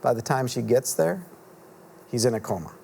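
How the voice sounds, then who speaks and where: Earnest gravelly middle-aged man. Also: medium pitch, expressive, mellow, slight background noise. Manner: earnest, halting, with many fillers and restarts. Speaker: author guest. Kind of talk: reflective storytelling in a TV interview. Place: TV studio.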